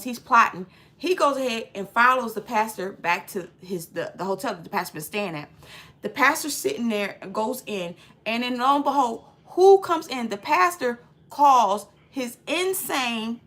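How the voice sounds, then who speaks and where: A woman talks through a movie plot in a loose, chatty way, full of slang and filler. Her voice sits a little high and sounds bright and sharp. She acts out the scenes as she retells them. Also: moderate pace. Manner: lively storyteller acting out scenes. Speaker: movie reviewer. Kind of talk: casual movie recap.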